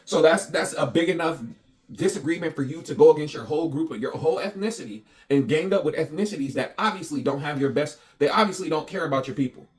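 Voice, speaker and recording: A young American man in a casual, heated, profane monologue, speaking in quick bursts. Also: on the high side. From United States. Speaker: vlogger.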